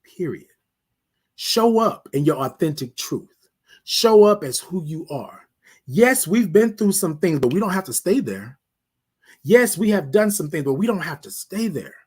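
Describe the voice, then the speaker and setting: A husky man leans into a preacherly morning pep talk, his voice lifting high and sweeping wide before sinking to hushed refrains. He keeps calling his listeners "y'all" and circling back on the same phrases. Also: very animated, normal speed. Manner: preacherly, repeats phrases, drops to near whisper on refrains. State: emotional. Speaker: host.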